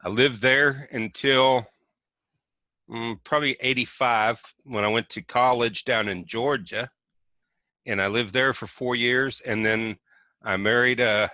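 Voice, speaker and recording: A man's voice: medium pitch, pushed and bright, no room sound. A middle-aged man from Virginia with a Southern accent, chatting easily as an interview guest and laughing often. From Roanoke, Virginia. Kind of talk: casual interview chat.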